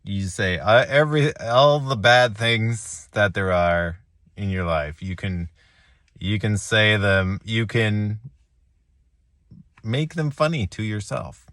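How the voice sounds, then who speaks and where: Wry, self-mocking man, low voice. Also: a bit bright, no room sound, clean studio sound. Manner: wry, laughing at himself, halting restarts. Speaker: chess vlogger. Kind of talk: rambling self-deprecating reflection.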